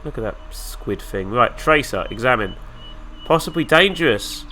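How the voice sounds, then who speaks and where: A man's voice: medium pitch, lively intonation, moderate pace, sharp tone. A man with a nasal, flu-stuffed voice, giving casual, sarcastic commentary while playing a video game. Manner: sarcastic, exasperated asides. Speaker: let's play host.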